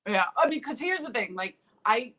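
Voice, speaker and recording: Woman, middle-aged, blunt, animated, casual podcast talk. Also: on the high side, normal speed, low-quality recording. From South Philadelphia. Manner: blunt, animated, acts out quotes. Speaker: comedian guest. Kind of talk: casual podcast chat, storytelling.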